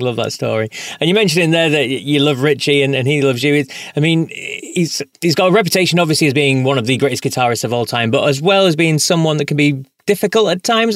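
Fast-talking male host, dry close sound. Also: fairly high pitch, no room sound. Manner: stumbling, repeats words while framing questions. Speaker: podcast host. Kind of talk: interview questions.

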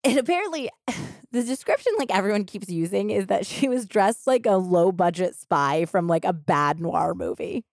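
A woman co-hosting a podcast, retelling a true crime story in animated, casual chat and filling it with "like" and quoted voices. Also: medium pitch, normal speed, vocal fry, no echo, studio quality. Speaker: podcast co-host.

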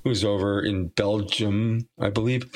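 A man's voice: fairly low pitch, fairly even intonation, measured pace. A man telling stories as a guest on a podcast, rambling with frequent restarts and fillers, and laughing easily. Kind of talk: casual storytelling interview.

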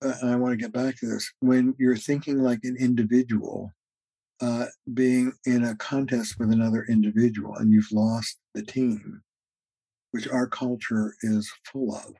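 A man's voice: mid-range voice, little pitch movement, moderate pace, mellow, husky, no echo, low-quality recording. A man who is a therapist and author, a guest on a podcast interview. He explains ideas in an earnest, teaching way with many "uh" fillers and acts out quoted arguments.

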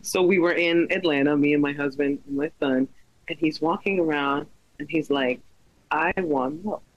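Animated woman telling stories, dry close sound. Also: low-pitched, moderate pace, dry recording, dull audio. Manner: animated storyteller who acts out voices. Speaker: comedian guest. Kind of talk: casual podcast chat.

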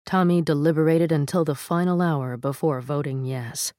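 Low-voiced woman reading a feature. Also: no echo, studio quality. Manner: measured, steady reading with a first-person reporter voice. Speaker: narrator of an audio article. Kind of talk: scripted narration.

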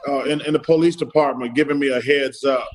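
A man's voice: mid-range voice, fairly even intonation, fast talker, poor audio. A middle-aged man from Alabama, telling casual stories as a podcast guest, acting out dialogue and repeating "I said". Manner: retells stories in quoted dialogue, keeps repeating "I said". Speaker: podcast guest, former pro athlete. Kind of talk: casual storytelling.

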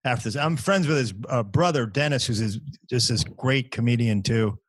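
An animated male comedian chatting on a podcast, telling stories with lively swings in his voice. He stumbles and repeats words and often slips into bouncy impressions. The sound is dry and close to the mic. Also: medium pitch, moderate pace, no echo. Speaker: stand-up comedian, podcast guest. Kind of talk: casual conversation, storytelling.

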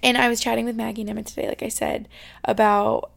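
A young woman from New York State chatting casually as a podcast host, full of "like" fillers and sometimes dropping into soft, whispery asides. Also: on the high side, flat delivery, fast, creaky. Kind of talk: casual chat. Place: her bedroom.

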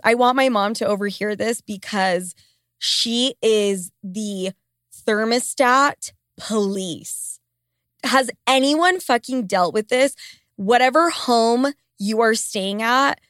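A woman's voice: mid-range voice, a bit bright, no echo. A woman in her twenties hosting a casual solo podcast, congested with a cold and talking in a profane, sarcastic, rambling way from a small basement home studio. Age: 20s. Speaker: podcast host. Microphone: studio microphone.

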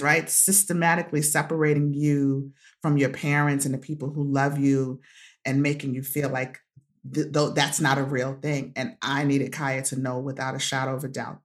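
A woman guest telling a personal story in conversation, emphatic, repeating phrases for stress and laughing often. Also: a bass voice. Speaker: guest, activist and author.

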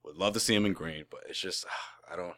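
A man's voice: sits low, fairly quick, pushed and bright. A male podcast co-host in casual sports chat, teasing his partner and laughing often.

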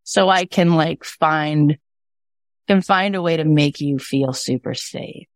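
A woman in her thirties hosting a podcast, giving a casual motivational talk in an earnest, animated way with emphatic repetition. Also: low voice, slow pace, dry recording. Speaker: podcast host.

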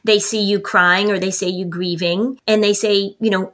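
A woman's voice: mid-range voice, fairly even intonation, normal speed, hardly any pauses, fairly bright tone. A woman co-hosting a parenting podcast, explaining at length and acting out what a parent and child might say. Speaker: parenting expert co-host. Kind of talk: casual podcast chat.

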